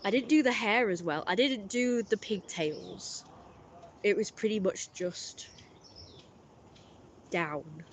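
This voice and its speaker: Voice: medium pitch, slow pace, pauses often, slight background noise. Rambling streamer, chatty. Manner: rambling, chatty storytelling with many fillers. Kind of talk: casual live-stream chat.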